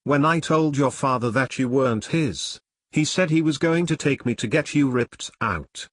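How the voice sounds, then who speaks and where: A man's voice: medium pitch, normal speed, dry recording, studio quality, close to an everyday voice. A man voicing a middle-aged cat lady, a gangster's mother, confessing in a pleading way.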